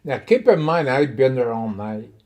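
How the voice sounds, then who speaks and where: A man hosting a podcast, telling a personal story in a casual, animated way and laughing often. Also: medium pitch, normal speed, a little hiss or hum. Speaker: podcast host.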